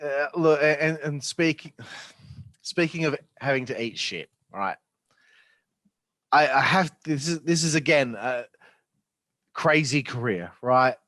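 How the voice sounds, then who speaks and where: A man's voice: medium pitch, slow, pauses often, a bit bright, no room sound. Male podcast host, interviewer, methodical and fact-heavy, dry close mic. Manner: detailed, fact-citing questions. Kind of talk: interview questions.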